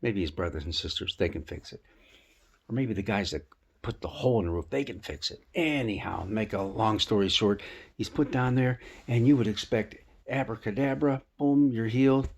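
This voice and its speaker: Folksy gravelly man teaching a Bible lesson. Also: on the low side, normal speed. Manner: folksy, animated storytelling with rhetorical questions. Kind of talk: casual Bible lesson, acting out quotes. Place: rooftop outdoors.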